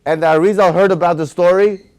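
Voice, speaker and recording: A man, a rabbi, tells a story in a Torah class and pauses to quiz his audience. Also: high-pitched. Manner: animated storyteller who quizzes his audience.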